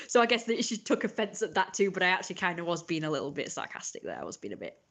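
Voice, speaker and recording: A woman's voice: lowish voice, expressive, fast talker. A woman streamer in a casual, rambling rant, sarcastic and indignant, often breaking off to cough or laugh. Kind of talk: casual ranting monologue.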